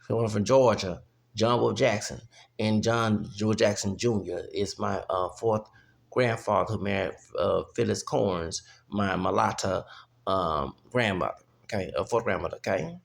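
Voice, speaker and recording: A man's voice: lowish voice, unhurried, vocal fry. A man, ranting heatedly and profanely in a vlog, often breaking off with "okay?". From United States. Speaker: vlogger. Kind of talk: heated opinion rant.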